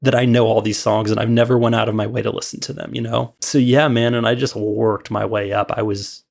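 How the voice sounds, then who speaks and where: A man's voice: fairly low pitch, steady tone, fairly quick, gravelly, slightly rough. A man from Illinois telling a long, rambling story as a podcast guest, full of fillers and restarts. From Illinois, USA. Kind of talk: casual storytelling.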